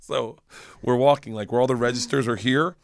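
A man's voice: mid-range voice, fairly quick, gravelly. A middle-aged man from Florida, a comedian guest who tells profane, rambling stories in a casual podcast chat. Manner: rambling, profane, animated storyteller.

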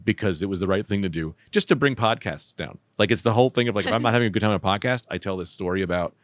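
A man hosting a comedy podcast, rambling and self-mocking, swinging between loud bursts and mutters. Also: on the low side, very fast, no room sound, clean studio sound. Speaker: podcast host. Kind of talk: casual comedic chat.

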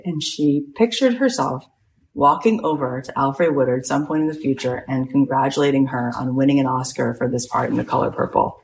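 A woman with a fairly low voice tells a story in a loose, conversational way. She is animated and chatty, with plenty of filler words. She sounds like a talk show host speaking straight to her audience. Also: slight background noise, poor audio. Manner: lively, retells events with acted-out quotes. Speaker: podcast host and coach.

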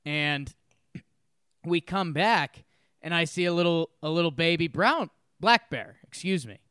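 A man telling a story on a casual podcast, acting out what people said with plenty of laughter. His voice is smooth and resonant, sitting a touch higher than most men's. The sound is dry and close. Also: unhurried, dry recording. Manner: animated storyteller, acts out quotes, laughs often. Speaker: podcast co-host.

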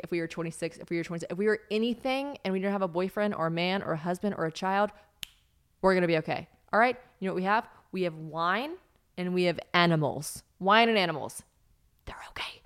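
A woman in her thirties hosting a solo podcast, talking casually and candidly with plenty of swearing and rambling pep talk. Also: lowish voice. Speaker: podcast host.

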